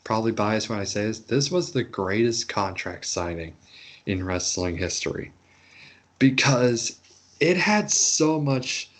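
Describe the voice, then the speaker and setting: A man co-hosting a casual wrestling chat, animated and acting out quotes. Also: fairly low pitch, a little slow. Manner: animated, acts out quotes in raised voices. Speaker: podcast co-host.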